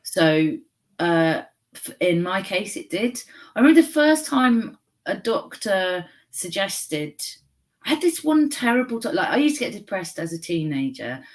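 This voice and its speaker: A woman, a comedian guest on a radio show, speaking in a halting, thoughtful way with fillers and sudden quick runs. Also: lowish voice, big pitch swings. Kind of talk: casual chat.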